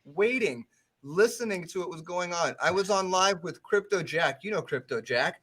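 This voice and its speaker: A man co-hosting a podcast, chatting casually in a joking, sarcastic, animated way. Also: sits high, moderate pace, breathy edge. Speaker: podcast co-host.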